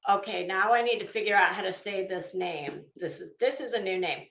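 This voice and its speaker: A woman's voice: mid-range voice, a little fast, a bit bright, reverberant. A tired, worn-out woman hosting a livestream in casual chat, reading comments and rambling with trailing thoughts. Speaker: livestream host.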